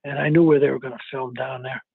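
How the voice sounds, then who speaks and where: An older man, an actor being interviewed, telling anecdotes in an animated way and acting out the lines of people he quotes, with a husky, gravelly voice. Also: mid-range voice, fast talker, dry recording. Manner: animated, acts out quotes in retelling. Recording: dry, tinny phone-like sound.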